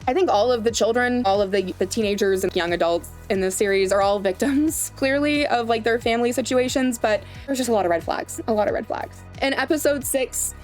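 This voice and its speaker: A woman hosting a casual, chatty recap of a series, digressing and asking rhetorical questions. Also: a little high. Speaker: show host recapping a series.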